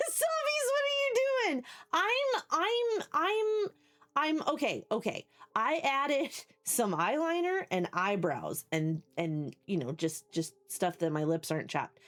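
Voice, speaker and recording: A woman's voice: medium pitch, huge pitch swings, slow, a bit bright. A woman streaming live who chats casually with her viewers, rambling, swearing freely and laughing often. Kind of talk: casual chat. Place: home basement.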